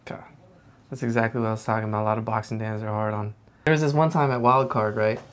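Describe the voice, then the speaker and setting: A man's voice: fairly low pitch, fast. A man, a professional boxer, telling stories in a casual, slangy chat and acting out the people in them. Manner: animated, slangy, acts out voices in his stories. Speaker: professional boxer reacting to anime.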